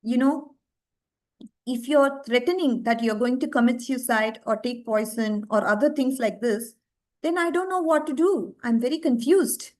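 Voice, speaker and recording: A woman's voice: fairly high pitch, moderate pace, a little mellow, natural voice. A woman voicing an anxious, devout old man who speaks earnestly about keeping his word. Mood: troubled. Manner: earnest, troubled.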